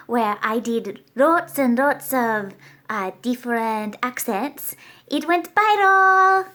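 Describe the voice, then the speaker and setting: A young woman chatting casually to camera as a vlogger, bubbly and animated, jumping into high squeals when she quotes herself.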